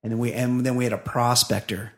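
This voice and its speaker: A man's voice: mid-range voice, flat delivery, fairly quick. A man co-hosting a comedy podcast in casual banter, blunt with rambling asides. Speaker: podcast co-host.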